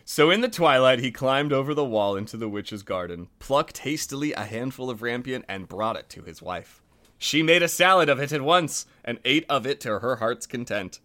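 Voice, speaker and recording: A man's voice: medium pitch, moderate pace. A man co-hosting a podcast, reading a fairy tale aloud and joking between passages with frequent laughs. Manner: animated, laughs often.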